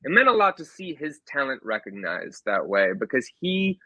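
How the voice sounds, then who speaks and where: A man telling a funny anecdote in a casual chat, animated, with quick restarts as a guest author. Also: medium pitch, no room sound.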